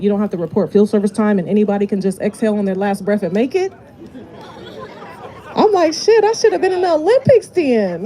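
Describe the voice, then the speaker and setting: A woman's voice: medium pitch, dark tone. A woman giving a fiery rally speech outdoors at a protest, leading the crowd in call-and-response chants. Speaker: protest speaker. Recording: faint outdoor noise.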